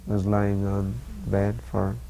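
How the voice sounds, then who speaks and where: A man recounting memories in an interview, measured and plain, with frequent fillers. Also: on the low side, monotone, vocal fry, dark tone, a little hiss or hum. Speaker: former disciple recalling memories. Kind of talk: reminiscing interview.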